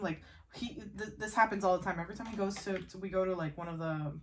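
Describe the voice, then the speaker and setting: A woman's voice: medium pitch, fast talker, slight background noise. A woman chatting casually while she sews, rambling with fillers and small laughs. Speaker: sewing vlogger. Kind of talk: casual chat while sewing.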